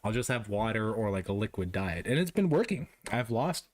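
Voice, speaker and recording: A man's voice: fairly low pitch, very animated, fairly quick, a little mellow. A man streaming a casual chat with his viewers, ranting with lots of swearing and frequent laughs. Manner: profane, ranting, laughs often.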